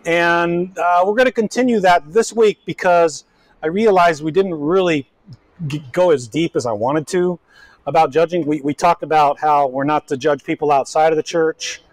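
A man's voice: a little high, moderate pace, dry recording, low-quality recording. A man preaching a casual, folksy sermon as pastor, chatting with the congregation through frequent restarts and asides.

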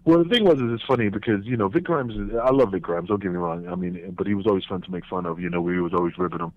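A man, a former pro wrestler, telling backstage stories in a casual interview, animated and profane, acting out what others said. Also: on the low side, quick pace, dry recording. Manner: animated, profane, acts out quotes in raised voices. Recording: tinny phone line, dry.

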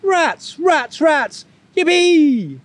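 Storybook read: excited squealing bunnies, pitched way up, by a male reader. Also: extremely slow, no room sound, heavily acted. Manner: squealing, shouting.

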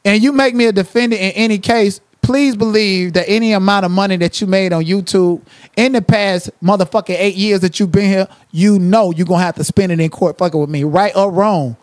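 High-voiced man ranting with profanity. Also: steady tone, fairly quick, no echo. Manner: confrontational, cursing, trash-talking. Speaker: livestream commentator. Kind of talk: profane livestream rant.

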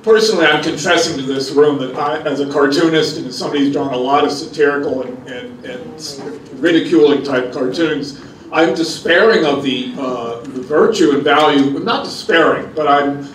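A man's voice: a little high, normal speed. Wry male cartoonist on a panel. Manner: wry, conversational, rephrases himself. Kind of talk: live panel discussion. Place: convention panel room. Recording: echoey hall, mic far off, faint noise.

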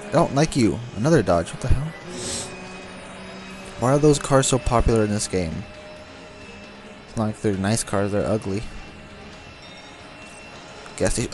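With a slightly mellow, medium-pitched voice, this young man comments unhurriedly on his racing game, leaving long pauses. He gets frustrated, swearing at the cars and talking to the game while its music and car sounds play.

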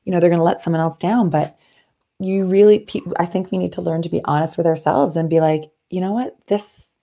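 A Canadian woman in her thirties, a guest telling stories in an earnest, animated way, often restarting her sentences. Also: lowish voice, fast, gravelly. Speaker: interview guest, athlete and speaker. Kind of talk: conversational interview.

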